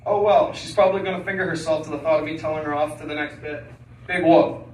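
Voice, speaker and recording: Brief: male comic, high voice, crude rambling stand-up, distant mic in an echoey basement room. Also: level tone, fast talker, darkish tone, slight background noise. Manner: crude, rambling, filler-heavy delivery. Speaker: stand-up comedian. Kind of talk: stand-up set. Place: small basement comedy room.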